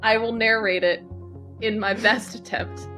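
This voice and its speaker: A woman hosting a livestream, chatting casually and warmly while playing game entries. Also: a little high, unhurried, music in the background. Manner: relaxed, friendly, laughs easily.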